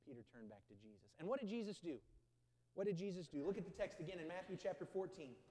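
A high-pitched male pastor delivers a sermon from the stage, his voice ringing with a long hall reverb. He swings from loud, urgent outbursts to low, hushed emphasis and repeats key phrases to drive them home. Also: lively intonation, quick pace. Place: stage in a large indoor church building.

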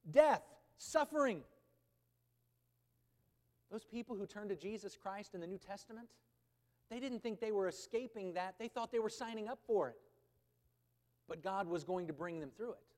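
Man, pastor, high voice, loud emphatic preaching with quiet asides, long church reverb. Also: expressive, normal speed, long pauses. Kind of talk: sermon.

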